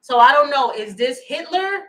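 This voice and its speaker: Chatty bright-voiced woman. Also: high voice, normal speed, low-quality recording. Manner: chatty, animated, thanks viewers by name. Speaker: tarot reader. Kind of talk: livestream tarot reading.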